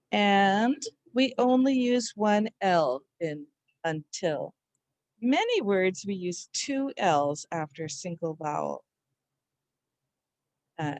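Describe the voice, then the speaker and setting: A middle-aged woman teaching a slow spelling lesson, overpronouncing each sound and syllable. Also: fairly low pitch, creaky, a little mellow, no room sound.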